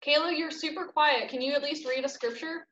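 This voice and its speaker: A young woman teaches a casual Bible study in an animated, chatty way, scattering "like" through her talk. Her voice sits a bit high. The sound is dull and lo-fi, with a lot of room echo. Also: a little fast, a little hiss or hum. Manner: chatty and animated, lots of "like" fillers.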